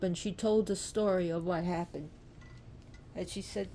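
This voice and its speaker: A woman retelling a myth with deep feeling, repeating phrases and asking the listener direct questions. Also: steady tone, unhurried, pauses often, dark tone, slight background noise. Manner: impassioned, repetitive, asks the listener direct questions. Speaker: storyteller. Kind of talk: emotional oral storytelling of myth.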